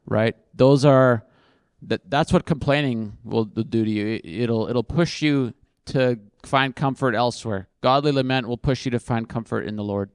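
This man fields questions at a conference, reasoning out loud in a chatty, self-deprecating manner. He speaks at a measured pace in a mid-pitched voice that is smooth, resonant and slightly dark in tone. There is little reverb, so the sound comes across close and dry.

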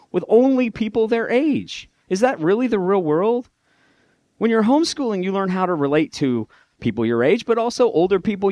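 A middle-aged man with a slightly high voice gives a sarcastic talk to a live audience, mimicking other people's voices. There is no echo.

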